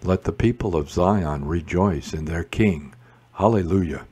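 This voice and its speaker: A man leading morning prayer, reciting psalms and responses in a measured liturgical way. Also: low-pitched, dark tone, husky. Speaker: prayer leader.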